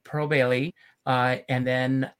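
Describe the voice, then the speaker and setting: A man with a Southern US accent hosting a chat show over a video call, speaking haltingly with many fillers. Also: medium pitch, level tone, a bit bright, smooth. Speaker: show host. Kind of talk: casual chat.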